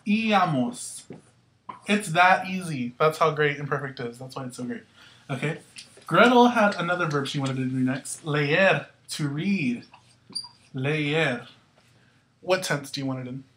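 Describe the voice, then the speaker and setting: A woman's voice: low-pitched, lively intonation, measured pace, a bit bright, slight background noise. A woman teaching a Spanish grammar lesson, upbeat and going through the verb endings step by step. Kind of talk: classroom-style grammar lesson.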